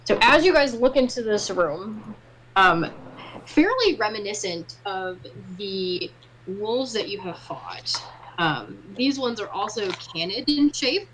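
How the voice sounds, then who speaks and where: A woman's voice: mid-range voice, big pitch swings, takes it slowly, a bit bright, poor audio. A woman narrating a tabletop game as game master, loose and chatty with frequent fillers.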